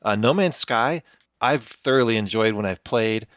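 Thoughtful man, low voice, muffled audio. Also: moderate pace, fairly bright tone, dry recording. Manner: thoughtful, hesitant, many fillers. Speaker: podcast co-host. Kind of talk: casual chat.

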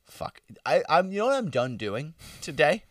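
Male co-host, animated sarcastic chatter, dry and a bit distant. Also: on the high side, no room sound. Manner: quick reactions, sarcastic and profane. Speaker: podcast co-host. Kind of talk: casual chat.

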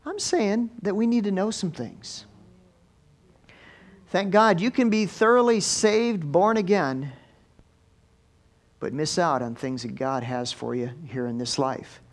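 A male pastor preaching a lively sermon in church, swinging from soft asides to loud exclamations. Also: sits high, takes it slowly, pauses often. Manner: animated preaching with big swings in loudness.

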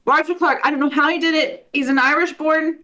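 East Texas woman co-host, high bright voice, giggly. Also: steady tone. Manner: giggly, quick reactions. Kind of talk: casual podcast chat.

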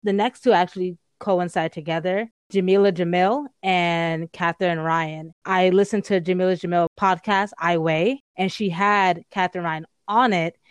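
A woman from the United States chatting on a podcast, loud and fast-talking, laughing often. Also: fairly low pitch, fairly even intonation, smooth, dry recording. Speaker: podcast guest. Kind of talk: casual podcast chat.

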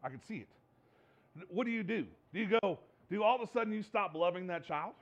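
A man's voice: sits high, fairly quick, muffled recording. A man preaching a sermon, asking the congregation rhetorical questions and acting out what people say. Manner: animated, rhetorical questions, acts out quoted voices. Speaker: pastor.

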